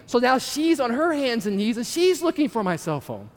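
Male preacher with a high voice, telling a story in a chatty way to a crowd, long reverb of a hall. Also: sing-song, normal speed. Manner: conversational, addresses audience with asides. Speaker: speaker addressing an audience. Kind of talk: storytelling sermon.

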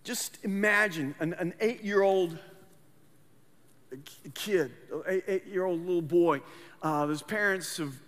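A man's voice: sits high, slow pace, long pauses, a bit bright. A man preaching a sermon as pastor, earnest, often repeating words as he restarts his phrases. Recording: long hall reverb.

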